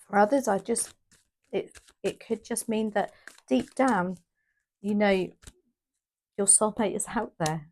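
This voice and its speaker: A woman's voice: mid-range voice, takes it slowly, pauses often, darkish tone. A woman from the UK doing a casual, emotional tarot reading, rambling with restarts and exclamations. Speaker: tarot reader.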